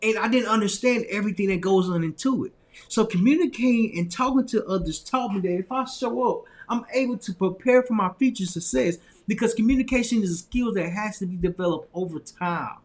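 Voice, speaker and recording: High-voiced Southern man telling a story. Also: fairly quick. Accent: Southern US, Arkansas. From Little Rock, Arkansas, US. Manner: loose, repetitive phrasing with frequent laughs and restarts. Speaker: motivational speaker. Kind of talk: casual storytelling talk.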